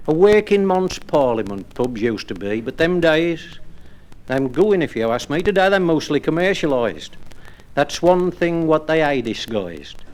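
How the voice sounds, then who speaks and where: Black Country comic, slightly high voice, dry dialect patter and rhymed verses, faint room ambience behind. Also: male voice, a little hiss or hum. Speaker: stand-up comedian and monologue performer. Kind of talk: live stand-up jokes and rhyming monologues. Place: live club or pub stage with audience.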